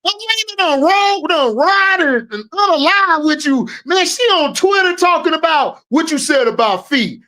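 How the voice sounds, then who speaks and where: A woman's voice: very high voice, lively intonation, moderate pace, hardly any pauses, a bit bright. A woman hosting a casual sports recap, trash-talking and mock-scolding players. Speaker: show host, sports commentator.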